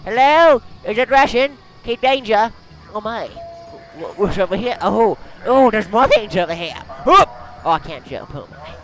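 A young man giving excitable let's play commentary, exclaiming and reading game text aloud. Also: sits high, unhurried. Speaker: gaming YouTuber. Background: game music.

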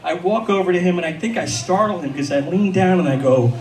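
A man's voice: high voice, fairly quick, few pauses. A man telling a funny story at a live storytelling event, acting out the people in it. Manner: lively, acts out the voices of the people in his story. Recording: echoey room, mic far off.

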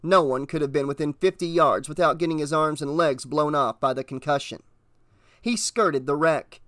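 A man narrating an audiobook in a steady, measured reading voice. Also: fairly high pitch, no room sound, clean studio sound.

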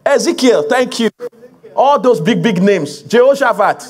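A man's voice: very high voice, animated, measured pace. A man preaching a sermon as a pastor to his congregation, building emphasis with repeated phrases and laughing along with the crowd.

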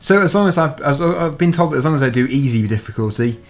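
A man's voice: on the high side, animated, quick pace, faint music behind. A man giving casual commentary over gameplay as host, explaining the controls step by step in a chatty way. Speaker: gaming video host.

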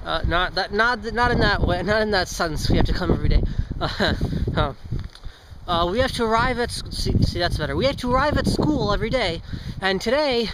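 A man's voice: high-pitched, expressive, a little fast, heavy background noise. A teenage boy vlogging outdoors on a street as he walks, rambling, tripping over his words, joking and swearing casually. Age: teens. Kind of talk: casual vlog. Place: outdoors on a street with passing cars.

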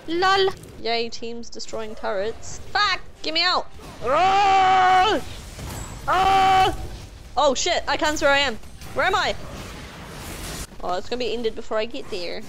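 A woman chatting casually while playing a video game, swearing, teasing and yelling in outbursts. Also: high-pitched, expressive, slow pace, pauses often, a little hiss or hum. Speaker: gamer. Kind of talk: casual gaming chat.

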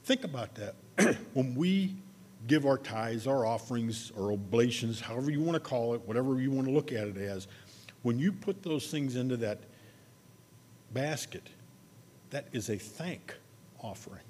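A man preaching a sermon, telling a personal story in a conversational way and slowing down to stress key words. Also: mid-range voice, lively intonation, a little mellow, in a large hall, a little hiss or hum. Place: church sanctuary.

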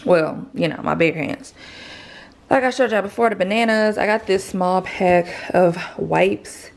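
A pregnant woman vlogging in casual chat, out of breath, often dropping to a breathy whisper and calling her viewers y'all. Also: fairly low pitch. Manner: drawn-out Southern US slang, addresses viewers as y'all.

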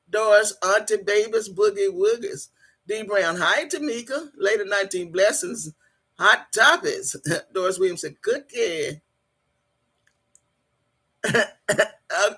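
Husky, playful woman hosting a livestream. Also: medium pitch, a bit bright. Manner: playful and teasing, laughs often, drawn-out sing-song greetings. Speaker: livestream host. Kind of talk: casual livestream chat, reading viewer comments aloud.

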